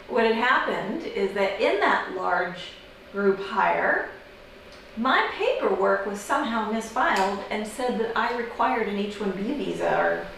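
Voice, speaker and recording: An American woman doing an observational comedy monologue, wry and deadpan, with sudden high-pitched incredulous outbursts. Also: slight background noise. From United States. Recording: very echoey room, mic at a distance.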